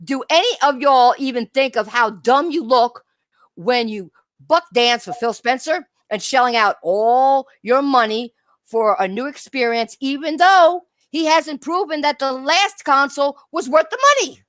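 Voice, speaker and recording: A woman's voice: high voice, a little slow, fairly bright tone, dry recording. A woman hosting a gaming talk channel, ranting heatedly with mocking rhetorical questions. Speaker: channel host.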